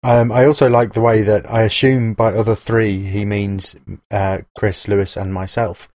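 A man's voice: on the low side, flat delivery, moderate pace, darkish tone, no echo. A man co-hosting a podcast, making wry, dry remarks. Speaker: podcast co-host. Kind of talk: casual banter.

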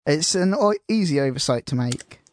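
A man's voice: a little high, lively intonation, normal speed, dry recording, studio quality. A man hosting a casual podcast chat, rambling and self-deprecating, with casual swearing. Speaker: podcast host.

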